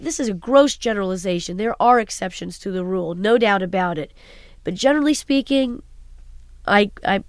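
A voice actress being interviewed, telling stories in an animated way and laughing often. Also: female voice, medium pitch, no echo, clean studio sound. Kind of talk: casual interview talk.

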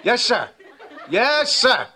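A nervous, flustered employee. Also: male voice, very high-pitched, big pitch swings, slow pace, slight background noise, exaggerated voice. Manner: stammering, flustered. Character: nervous, eager-to-please male employee. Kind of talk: sitcom acting. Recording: TV clip with loud clicks.

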